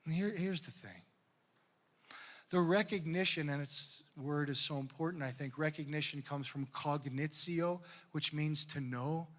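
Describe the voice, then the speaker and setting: Bright-voiced priest telling funny stories. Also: male voice, fairly high pitch, moderate pace, hardly any pauses. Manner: animated storytelling, acts out people's lines. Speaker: Catholic priest. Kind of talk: humorous conference talk. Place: conference hall.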